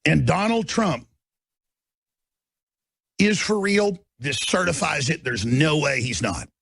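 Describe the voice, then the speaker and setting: Man, radio host, heated rant, raw gravelly voice, breathy rasp, shouts at peaks. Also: fairly high pitch, lively intonation, takes it slowly, no echo, studio quality. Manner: preachy, rising to shouting. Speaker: radio talk show host. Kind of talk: impassioned on-air rant.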